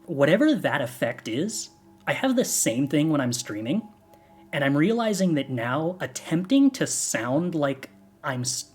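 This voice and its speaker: A man's voice: on the high side, sing-song, unhurried, husky, faint music behind. Rambling, self-questioning male streamer. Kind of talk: casual stream chat between singing warm-ups. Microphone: streaming microphone.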